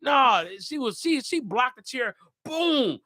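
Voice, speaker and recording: A man hosting a live podcast, talking casually with animated, profane energy. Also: extremely high pitch, takes it slowly, no room sound, studio quality. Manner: animated, profane, jumps into loud put-on voices. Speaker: comedian and podcast host.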